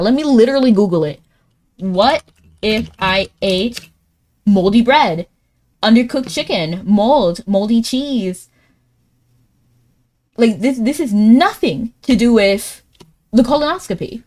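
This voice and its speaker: A woman streaming live in casual chat, thinking aloud as she plays a word game, laughing often and jumping up in pitch when excited. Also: takes it slowly, long pauses.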